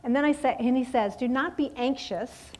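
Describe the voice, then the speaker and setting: Fairly high-voiced woman in her fifties telling a story. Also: normal speed. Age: 50s. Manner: lively storytelling, acting out her own voice and others'; laughs often. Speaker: guest speaker at a church service. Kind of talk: personal story in a sermon.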